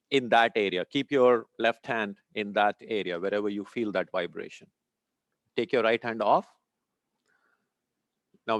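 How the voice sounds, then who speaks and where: A man leading a group in a meditation and chanting lesson, speaking calmly, giving steps and checking in often with "okay?". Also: medium pitch, no echo. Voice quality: sweating, a little warm. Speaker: meditation teacher. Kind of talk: guided breathing and chanting lesson.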